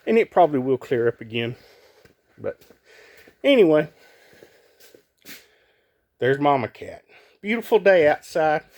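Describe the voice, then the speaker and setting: A man's voice: a little high, sing-song, unhurried, pauses often, a little mellow, dry recording. A man casually narrating a homemade video, rambling in a folksy way and chatting to his cats as he goes. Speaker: homeowner showing his projects.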